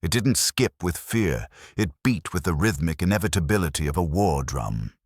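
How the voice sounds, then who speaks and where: A man's voice: sits low, expressive, normal speed, dry recording, studio quality. A man giving brooding, theatrical scripted narration of a story.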